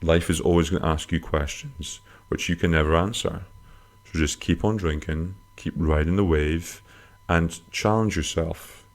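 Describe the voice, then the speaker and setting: Low-voiced bloke, comic podcast host, rambling and crude, jumps into squeaky bits for jokes. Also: male voice, measured pace, hardly any pauses. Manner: rambling, crude, self-mocking humor with sudden high-pitched jokey swings. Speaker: podcast host answering listener questions. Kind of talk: casual comic podcast monologue.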